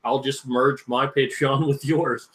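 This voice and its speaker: A man's voice: mid-range voice, steady tone, measured pace, very noisy. A man co-hosting a streamed talk show in casual chat, teasing his co-host and reading out viewer messages.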